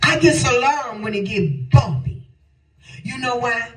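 An older woman preaching a sermon, swinging between shouted phrases and a sing-song cadence. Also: on the high side, unhurried. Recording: echoey hall, voice from a distance, faint music.

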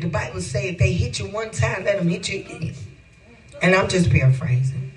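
High-voiced man in his fifties preaching. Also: moderate pace, far from the mic, low-quality recording. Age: 50s. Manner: animated, folksy, chuckling asides to the congregation. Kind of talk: storytelling sermon.

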